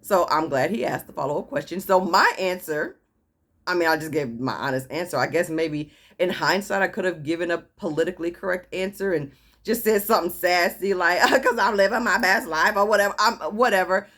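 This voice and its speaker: A woman vlogger with a lowish voice talks a little fast as she casually shares a personal story. She's animated, laughing along and acting out what other people said.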